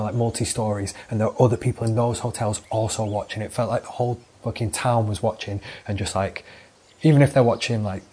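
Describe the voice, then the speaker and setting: On his own podcast, a young man from Britain rambles through a lengthy, profanity-laced story, speaking alone in a British English accent. His medium-pitched voice is slightly rough.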